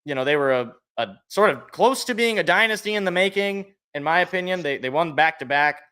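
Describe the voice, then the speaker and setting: A man hosting a casual sports podcast, talking in an animated, jokey way and thinking aloud. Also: on the high side, a little fast, clean tone. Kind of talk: casual chat.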